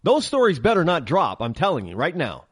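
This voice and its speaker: High-pitched, fired-up man ranting. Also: wildly swooping pitch, brisk, slightly rough, no echo, studio quality. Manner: heated ranting with many restarts and stammers. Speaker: talk show host. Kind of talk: political talk show monologue.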